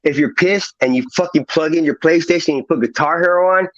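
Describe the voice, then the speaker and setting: A man in a loose, teasing chat, swearing freely as he jokes around. His voice is slightly high for a man and the audio is dull, lo-fi and dry. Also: quick pace, a bit bright, dry recording. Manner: joking, teasing, swears a lot. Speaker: caller in a voice chat. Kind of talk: casual chat. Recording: dull lo-fi online call audio.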